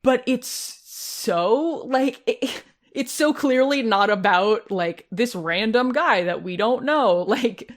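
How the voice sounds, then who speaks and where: A woman's voice: on the high side, lively intonation. A woman co-hosting a podcast, chatting casually and wryly while she recaps a movie and jokes along with the others. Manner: chatty and wry, quick to agree and add jokes. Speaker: podcast co-host.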